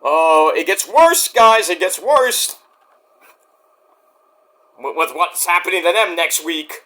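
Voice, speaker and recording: A man's voice: sits high, very animated, slow pace, pushed and bright. A man casually reviewing a wrestling show, rambling, swearing freely and going off on tangents. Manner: rambling, profane and digressive.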